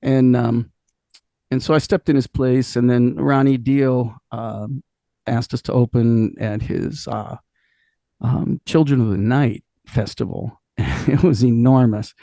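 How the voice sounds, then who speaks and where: Gravelly middle-aged rock singer, telling stories. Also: male voice, mid-range voice, slow pace, no echo. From Cleveland, US. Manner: animated, profane, laughs often while telling stories. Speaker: rock singer, interview guest. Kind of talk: casual interview storytelling.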